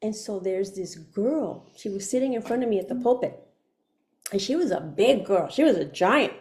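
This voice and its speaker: A woman's voice: mid-range voice, expressive, normal speed, a little mellow. A woman giving her faith testimony as a guest, telling it with feeling, acting out her inner voices and laughing often. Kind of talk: emotional storytelling.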